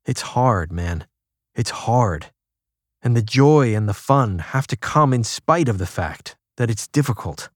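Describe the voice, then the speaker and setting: A man narrating a magazine feature in a measured, even reading, shifting his tone a little for quoted lines. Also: mid-range voice, no room sound, studio quality. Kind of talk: scripted narration.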